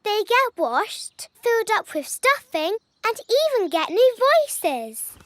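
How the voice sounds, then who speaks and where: A woman voicing a cheerful, bossy little girl piglet in a cartoon, with a high, bubbly child voice. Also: sing-song, slow, background noise, full character voice. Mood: playful. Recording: music playing behind.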